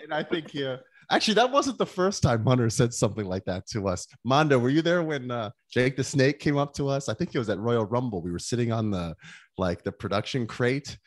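A man's voice: medium pitch, animated, a little fast. A middle-aged man, a former wrestler on a podcast, telling rambling stories with many restarts. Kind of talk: casual storytelling.

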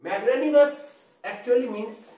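Indian English male tutor, fairly high voice, slow explaining manner, recorded from afar in an echoey room. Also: warm tone. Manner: explains slowly, spells words out letter by letter. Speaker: English teacher. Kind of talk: exam-prep lesson. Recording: very echoey room, voice far from mic.

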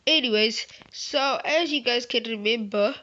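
A woman's voice: a little high, measured pace, bright, forceful tone. A woman host giving rambling, playful, chatty commentary while she plays a game. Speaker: gaming channel host. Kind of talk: gameplay commentary. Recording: slightly muffled with faint hiss.

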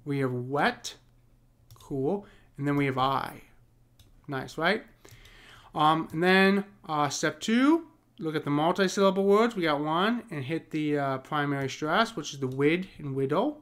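Slow, clear-voiced man teaching poetry. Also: on the high side, expressive, fairly bright tone. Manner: loose and chatty, many ums and "cool, right?"; slow, deliberate reading of verse. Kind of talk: casual screen-share lesson with poem reading.

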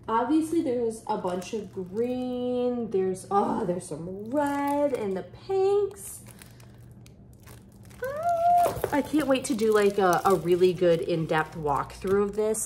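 Gushing woman with a lively voice. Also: a little high, takes it slowly, slight background noise. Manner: bubbly, gushing excitement with fillers. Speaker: craft vlogger. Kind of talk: casual unboxing chat.

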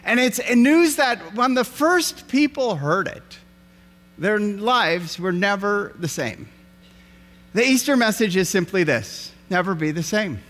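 A man's voice: high-pitched, sing-song, slow, a bit bright. A middle-aged man preaching an Easter sermon as pastor, telling a story animatedly and acting out the voices. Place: church sanctuary. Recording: hall reverb in a church.

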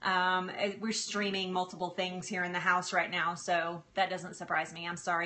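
A woman's voice: lowish voice, little pitch movement, normal speed, pushed and bright. A middle-aged woman hosting a casual live stream from her home kitchen, chatty and apologetic, laughing often and stalling with fillers. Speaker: livestream cooking host and health coach. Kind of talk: casual live-stream chat while cooking.

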